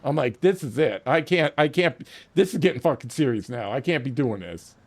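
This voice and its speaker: A man streaming a game tells a long, casual story full of swearing, acting out his own lines and often restarting as he goes. His voice is medium-pitched and moderately paced.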